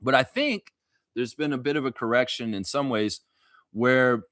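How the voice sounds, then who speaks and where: Canadian dude hosting a live fan stream, bright voice, dry close mic, riffs on viewer comments and swears a lot. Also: male voice, medium pitch, normal speed, dry recording. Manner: loud, animated, swears freely, reads viewer comments aloud.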